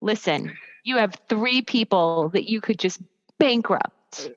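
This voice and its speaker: A woman's voice: medium pitch, lively intonation, slow, no echo, in a large hall, dull audio. A woman co-hosting a podcast, chatting eagerly and peppering her talk with "like.". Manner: enthusiastic, chatty, lots of "like". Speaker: podcast co-host. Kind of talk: casual chat.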